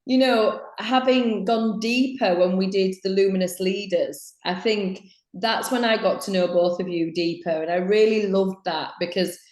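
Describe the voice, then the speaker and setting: A woman's voice: medium pitch, a little mellow, echoey room. A woman with an Irish accent, a guest author chatting frankly and cheekily on a podcast. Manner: frank and cheeky, swears freely. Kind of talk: casual podcast chat.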